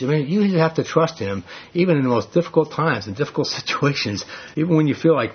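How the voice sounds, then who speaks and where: A man's voice: a little high, animated, a little fast, husky, muffled recording. A man preaching a sermon, telling a personal story earnestly with frequent restarts.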